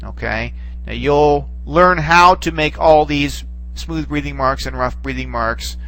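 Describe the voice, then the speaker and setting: In this poor-quality recorded lesson, a man with a slightly high, pushed and bright voice speaks unhurriedly. He walks through the material step by step while typing on screen, often asking "okay?" and trailing off or repeating words as he works.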